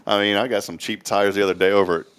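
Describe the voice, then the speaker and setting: A man's voice: fairly low pitch, steady tone, quick pace, a bit bright, clear, resonant tone. A man hosting a morning talk show, joking and rambling casually. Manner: goofy, rambling, laughs often.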